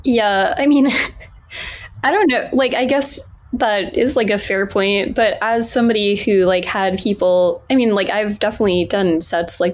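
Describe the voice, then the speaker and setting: A woman's voice: mid-range voice, a little mellow. A young woman hosting a podcast, speaking in a hesitant way and saying "like" constantly. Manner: hesitant, heavy use of "like". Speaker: podcast host, comedian. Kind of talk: casual interview chat.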